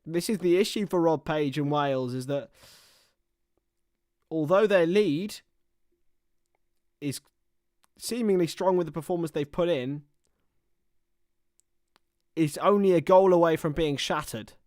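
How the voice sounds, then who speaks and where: A man with a slightly high voice calls a football match live for a streaming audience. He moves between quick play-by-play and chatty, self-mocking asides. The sound is dry and close, with no room echo. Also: a little mellow. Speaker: livestream football commentator. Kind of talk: casual live match commentary.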